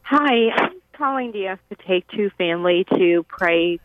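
A woman's voice: medium pitch, lively intonation, measured pace, no echo. A woman calling in to a talk show, urgently asking for prayers. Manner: urgent, pleading. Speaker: caller. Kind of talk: phone-in request. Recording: tinny phone line.

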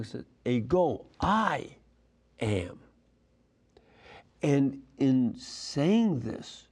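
A man's voice: medium pitch, warm tone. A man teaching a scripture lesson, explaining carefully and stressing key phrases. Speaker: Bible teacher.

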